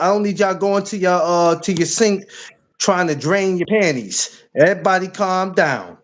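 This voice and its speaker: High-voiced joking man hosting a podcast. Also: moderate pace, faint music behind. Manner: loud, joking, repeats himself. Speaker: podcast host. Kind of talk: casual podcast banter.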